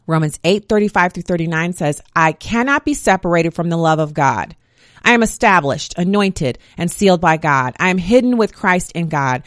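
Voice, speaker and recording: Low-voiced woman reciting scripture emphatically. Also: moderate pace, no echo, clean studio sound. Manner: emphatic, reciting verses in a steady cadence. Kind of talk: faith-based monologue reciting scripture.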